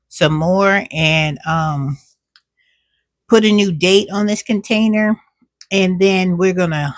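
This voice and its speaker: A woman's voice: fairly low pitch, no room sound, studio quality. A woman chatting casually to camera at home as a cooking and gardening vlogger, drawing out her words and calling viewers "child" and "y'all".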